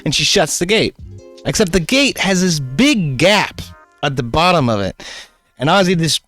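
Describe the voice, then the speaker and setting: A man's voice: on the high side, normal speed, no room sound, soft background music. A man streaming live, casually telling a story, swearing a lot and laughing often. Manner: profane, laughing, animated.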